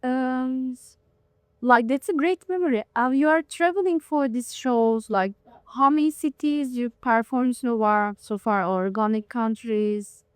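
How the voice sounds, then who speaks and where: A woman hosting a relaxed interview, chatty and teasing, laughing easily between questions. Her voice sits a bit high, recorded close and dry. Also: clear, resonant tone, no echo. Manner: chatty, laughs often, quick teasing asides. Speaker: podcast host. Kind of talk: casual interview chat.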